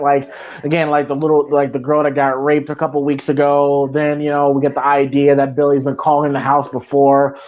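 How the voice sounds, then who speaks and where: A man's voice: fairly high pitch, dull audio. A man co-hosting a podcast, giving casual movie commentary and rambling, with many repeated words and restarts. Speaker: podcast co-host.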